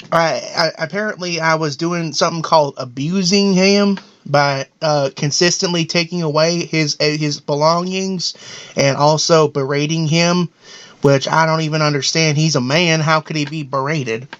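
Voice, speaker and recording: A man's voice: a little high, fairly even intonation, moderate pace, a bit bright, no room sound, lightly acted. A man voicing a paranoid, boastful middle-aged cartoon dad in a rambling, self-important comedic monologue. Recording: dull lo-fi audio.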